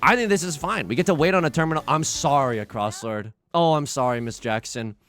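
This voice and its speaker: A young man casually commenting on his own game play, jokey and animated, talking to his chat with sudden loud outbursts. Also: a little high, brisk, faint music behind. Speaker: let's play streamer.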